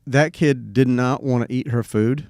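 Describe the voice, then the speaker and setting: Middle-aged man, podcast co-host, casual storytelling, rambling, profane, average pitch, dry recording. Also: measured pace, darkish tone, no room sound. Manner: laid-back, rambling, swears freely.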